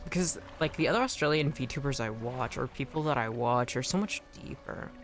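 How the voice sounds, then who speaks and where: A man's voice: mid-range voice, animated, brisk, faint music behind. Rambling, self-deprecating male streamer. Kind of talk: casual gameplay chat.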